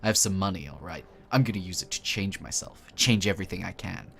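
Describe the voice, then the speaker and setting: A man's voice: low-pitched, lively intonation, fast, vocal fry, bright, forceful tone, exaggerated voice. A man voicing a frail, bitter teenage mutant boy in a game, with a defiant, sneering manner.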